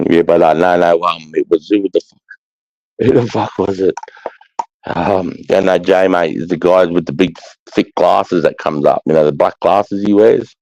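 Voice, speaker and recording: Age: 50s. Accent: Australian. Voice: very low, dark, profane rambling man. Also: fairly even intonation, a little slow, no echo, highs cut off. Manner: rambling, profane, blokey storytelling. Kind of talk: casual chat.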